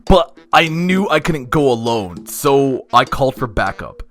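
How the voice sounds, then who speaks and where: A young man telling a slangy, animated story-time tale of office drama, swinging between loud bursts and hushed asides. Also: medium pitch, unhurried, soft background music.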